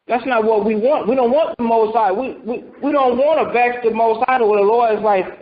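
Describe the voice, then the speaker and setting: A man's voice: very high voice, fairly even intonation, a little fast, hardly any pauses. A man giving a conversational Bible teaching, asking rhetorical questions and acting out what people say. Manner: rhetorical questions, acts out voices. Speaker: preacher. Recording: dull lo-fi recording.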